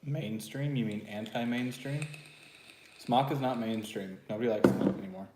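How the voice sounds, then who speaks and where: A man's voice: medium pitch, normal speed, warm tone, slight background noise. A man with a Texan accent hosting a live stream from home, chatting and teasing casually, throat a bit sore. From Texas. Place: home room with house lighting. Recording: echoey room.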